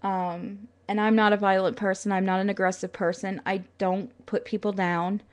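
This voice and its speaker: A young woman speaking to her camera in an earnest, chatty way. She leans on fillers and small laughs, and sounds close to tears at times. Her pitch sits in a middle range. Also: flat delivery, normal speed. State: tearful at times. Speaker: vlogger. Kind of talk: casual talk to camera.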